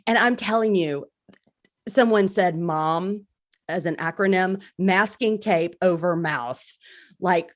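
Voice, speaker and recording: Woman, crisis support speaker, casual recovery talk, candid, self-deprecating, mid-pitched voice. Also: expressive, a little slow.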